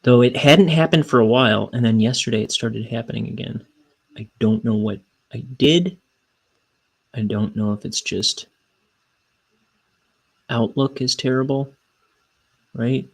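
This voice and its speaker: A man's voice: medium pitch, unhurried, gravelly, long pauses, husky, rough recording. Rambling self-deprecating young man. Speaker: cartoonist streamer. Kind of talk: casual livestream chat.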